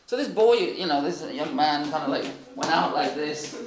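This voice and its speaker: A man's voice: a little high, lively intonation, moderate pace, crowd noise. A man preaching, telling rambling anecdotes full of fillers. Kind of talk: sermon storytelling. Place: church hall. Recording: echoey hall.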